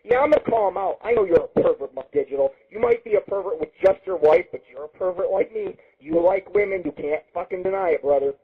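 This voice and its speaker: A man hosting an internet radio show, telling crude rambling stories in a profane, excitable monologue. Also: high voice, quick pace, few pauses. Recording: husky lo-fi phone-line sound.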